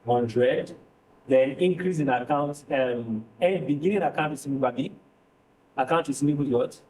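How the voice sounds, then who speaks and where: A man's voice: medium pitch, normal speed, darkish tone. A man teaching a finance class, repeating numbers and quizzing his students. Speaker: finance tutor. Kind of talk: classroom lecture. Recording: roomy, distant classroom recording.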